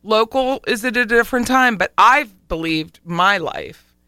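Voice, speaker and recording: A woman's voice: a little high, animated, measured pace, sharp tone, clear, resonant tone, dry recording. A woman with a Philadelphia accent hosting a radio talk show, speaking in a casual, emphatic way and hammering home key words. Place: radio studio.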